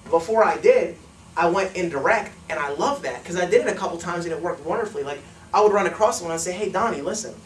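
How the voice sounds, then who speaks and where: A man leading a live sales training for a small group, acting out pitches and laughing often. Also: a little hiss or hum. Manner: fast, animated, acts out sales calls, laughs often. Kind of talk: live training talk with role-played pitches. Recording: echoey room, mic far off.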